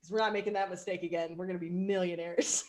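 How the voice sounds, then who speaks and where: A woman's voice: fairly low pitch, quick pace. A woman in a band hosting a casual fan Q&A over a group call, joking, swearing and laughing often. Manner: animated, laughs often, teasing.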